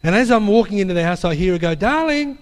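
A slightly high-voiced man delivers a sermon in a large, echoing hall, with a long reverb trailing his words. His preaching is conversational and anecdotal, full of asides and tag questions. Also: very fast, smooth. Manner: chatty storytelling with tag questions. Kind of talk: sermon with a personal story.

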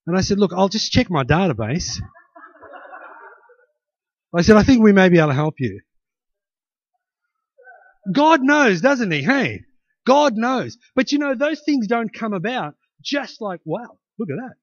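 A man's voice: high-pitched, very animated, a little slow, pauses often, no room sound, lo-fi sound. A middle-aged man preaching a sermon, telling stories in a conversational way and rising to emphatic peaks. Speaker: pastor.

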